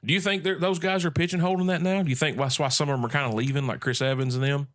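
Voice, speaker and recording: Male host, bright tone, loose rambling talk. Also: a little high, steady tone, very fast. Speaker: podcast host. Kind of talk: casual chat.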